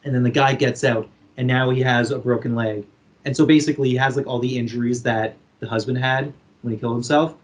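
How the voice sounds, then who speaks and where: A man co-hosting a podcast, casually retelling a film plot with lively acted-out quotes. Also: medium pitch, quick pace. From Canada. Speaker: podcast co-host. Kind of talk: casual chat.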